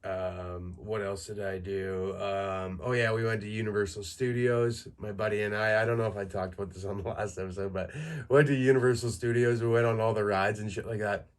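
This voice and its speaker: This thirtysomething Canadian podcaster talks briskly in a lowish, steady voice. His casual monologue is made of crude, self-deprecating tales he laughs his way through.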